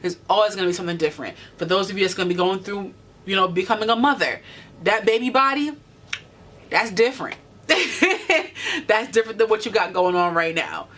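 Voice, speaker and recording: A woman's voice: mid-range voice, expressive, brisk, fairly bright tone. A woman in her twenties talking earnestly to camera in a vlog, encouraging her viewers with many "you know" fillers. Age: 20s. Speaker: vlogger. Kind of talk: heartfelt talk to camera.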